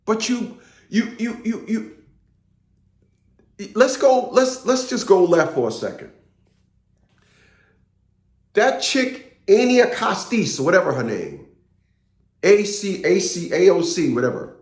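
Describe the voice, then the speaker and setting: A man's voice: sits high, sing-song, slow, long pauses, echoey room. A man ranting in a casual political monologue, rambling, repeating himself and swearing. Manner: rambling, repeats words, profane. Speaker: political commentator.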